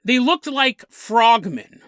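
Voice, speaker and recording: A man voicing a shaken sailor telling what happened to him in a plain, hurried way, close to his own voice. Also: very high voice, sing-song, fairly bright tone, no echo, exaggerated voice. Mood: recounting. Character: shaken male sailor recounting his ordeal.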